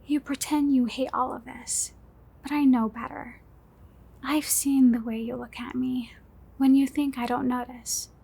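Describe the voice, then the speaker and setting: A young woman in a whispered role-play, speaking in a teasing, possessive, slow and intimate way. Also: sits high, little pitch movement, gravelly, mellow, husky. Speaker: ASMR roleplay performer.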